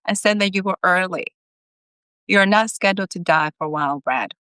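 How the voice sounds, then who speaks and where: A woman's voice: lowish voice, normal speed, sharp tone, clear, resonant tone, no room sound. Woman reading as a dry, sardonic old saint. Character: wry saint at heaven's gate, older man.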